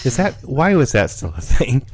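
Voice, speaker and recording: A man's voice: mid-range voice, big pitch swings, moderate pace, soft background music. A man from Minnesota hosting a podcast in casual chat, rambling and joking with many fillers. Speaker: podcast host.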